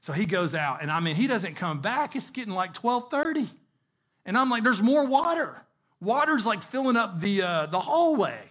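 Animated male preacher telling stories. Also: high-pitched. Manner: animated anecdotal storytelling with chuckles; earnest, slowing on key words when exhorting. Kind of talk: sermon with personal storytelling.

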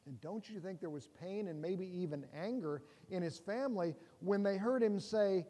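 Middle-aged male pastor, high-pitched, chatty preaching with jokes and rhetorical questions, long church reverb. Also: normal speed, few pauses, dark tone. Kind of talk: sermon.

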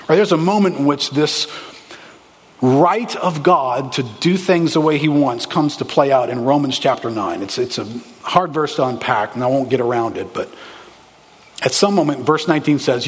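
A man preaching a sermon as a pastor, with animated, emphatic delivery and quick asides to the congregation. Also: mid-range voice, long reverb tail.

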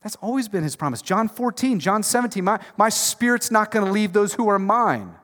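A man's voice: high voice, expressive, a little fast. Emphatic preacher man in a reverberant hall. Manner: conversational, emphatic, swings from loud to hushed. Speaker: pastor. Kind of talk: sermon. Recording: long reverb of a large hall.

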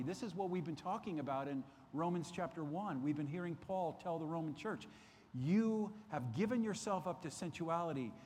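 A man's voice: on the high side, a little mellow, long reverb tail, a little hiss or hum. A man teaching a Sunday school Bible lesson, earnest and repeating key phrases for emphasis. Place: church classroom.

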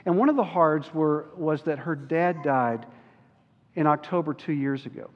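Pastor type, man with a high voice, earnest sermon delivery, dull recording with a long hall echo. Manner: earnest, slows down on key words.

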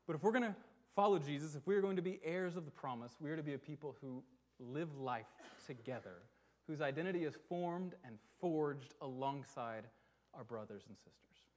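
This is a sermon from a pastor whose voice leans high, delivered to his own congregation. Rhetorical questions and deliberately slowed key words mark his earnest, emphatic style.

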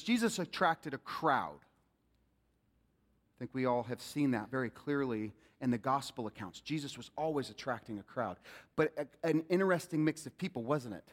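A man preaching a sermon as a pastor, animated and calling out questions to the congregation. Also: medium pitch. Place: church sanctuary. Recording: long hall reverb.

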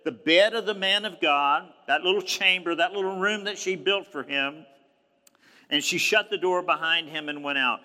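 Man, sermon, high voice, conversational and emphatic, long hall reverb. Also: normal speed, sharp tone. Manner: conversational, emphatic, acts out quoted speech. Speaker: preacher. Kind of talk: sermon, reading and retelling scripture.

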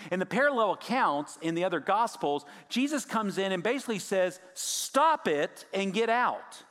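Man, pastor, sermon, slightly high voice, loud-to-hushed swings, long hall reverb. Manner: dramatic swings from loud to hushed near-whispers.

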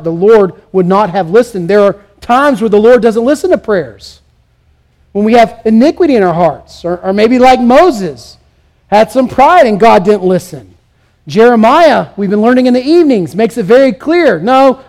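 A man's voice: high voice, darkish tone. A man preaching a sermon, emphatic and full of rhetorical questions, acting out the voices he quotes. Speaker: pastor.

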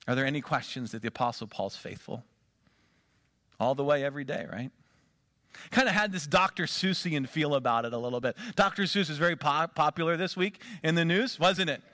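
A man preaching a sermon as pastor, animated and rhythmic, building up emphasis as he speaks. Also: on the high side, a little fast, dry recording.

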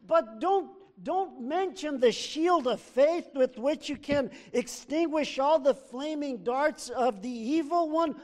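A man preaching a sermon as pastor, emphatic, swinging between loud declarations and hushed asides. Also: very high-pitched. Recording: long hall reverb.

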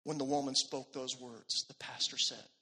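A man preaching a sermon as pastor, earnest, swelling louder on key phrases and dropping soft at the ends of lines. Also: medium pitch, fairly even intonation, normal speed, breathy edge.

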